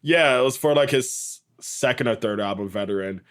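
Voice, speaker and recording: A man's voice: mid-range voice, normal speed, smooth. A young man co-hosting a casual music podcast, talking with enthusiasm, rambling a little and laughing often. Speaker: podcast co-host.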